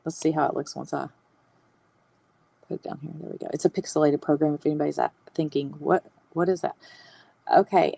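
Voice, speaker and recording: A woman's voice: fairly low pitch, vocal fry, dry recording. A woman, hosting a casual livestream on hand lettering and chatting with viewers. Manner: chatty, warm-hearted, laughs often.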